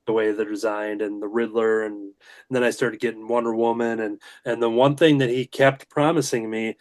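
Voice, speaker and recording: A man's voice: fairly low pitch, flat delivery, normal speed. A man chatting as a guest on a casual talk show over a video call, telling stories in a rambling way with many fillers and restarts. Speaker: guest comic creator. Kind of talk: casual chat.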